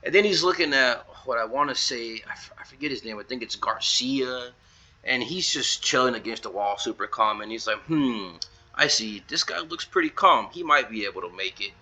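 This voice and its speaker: A man's voice: mid-range voice, a little fast, bright, forceful tone, rough recording. A man casually retelling and comparing scenes from a game and its manga, stringing quotes together with lots of "he's like" and fillers. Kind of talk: casual commentary video.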